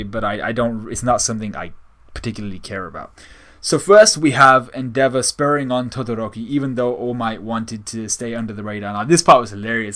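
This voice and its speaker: A man giving a casual spoken manga chapter review, animated, acting out quotes with slang and laughs, with many restarts. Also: mid-range voice, fast. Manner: frequent restarts and swearing.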